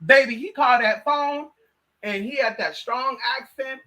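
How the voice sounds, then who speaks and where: An American woman vlogging in casual chat, brash and profane, swinging between loud outbursts and low asides. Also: a little slow. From United States. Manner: brash, profane, addresses viewers as girl and bitch.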